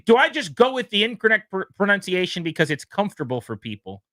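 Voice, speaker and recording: A man hosting a sports radio show, talking in a casual, animated way and often mimicking other people. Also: sits high, fast, dry recording.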